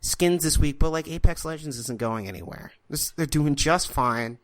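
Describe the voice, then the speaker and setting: A man with a voice on the high side co-hosts a podcast, speaking at a moderate pace in a casual chat. He goes on at length, rambling with strong opinions and plenty of filler words.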